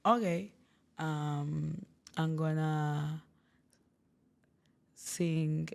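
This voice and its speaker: A woman's voice: low-pitched, fairly even intonation, extremely slow, vocal fry, darkish tone. A woman from Cuba with a Cuban Spanish accent, Spanish as her first language, chatting as a guest singer in an interview, thoughtful and searching for words, with a sleepy voice. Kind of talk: casual interview chat.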